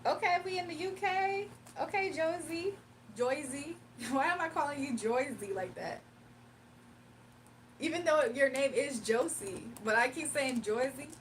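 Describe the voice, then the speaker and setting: A woman hosts a laid-back livestream, talking straight to her viewers. Her voice sits high and she laughs easily as she reads their messages out loud. She is a little off-mic, with a faint hum of the room behind her. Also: unhurried. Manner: chatty, laughs often, reads chat aloud. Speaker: livestream host doing readings. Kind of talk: casual livestream chat with viewers. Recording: a bit distant from the mic, faint room noise.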